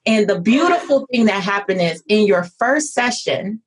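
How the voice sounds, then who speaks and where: A woman hosts a podcast interview, warmly affirming her guest and steering the conversation. Her voice is mid-pitched with a slight husk. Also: lively intonation, normal speed, slightly rough. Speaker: podcast host and business coach.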